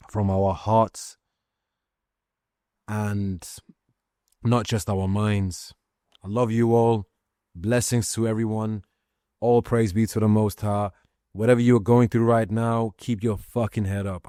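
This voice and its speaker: A man's voice: on the low side, mellow, no echo, studio quality. A man talking straight to his viewers in a casual monologue, swearing freely and speaking with passion that turns prayerful. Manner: profane, impassioned, turning prayerful. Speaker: vlogger.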